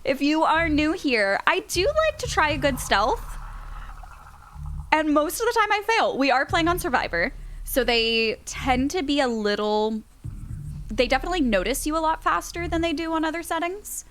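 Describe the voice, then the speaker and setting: A woman's voice: high voice, big pitch swings, normal speed, a bit bright, slight background noise. A woman streaming a game, chatting to viewers and coaxing her character along. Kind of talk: live gameplay commentary.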